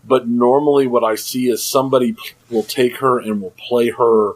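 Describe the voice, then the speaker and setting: A man's voice: mid-range voice, fairly even intonation, moderate pace, rough recording. A man co-hosting a podcast, easygoing and casual, often restarting his sentences. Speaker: podcast co-host.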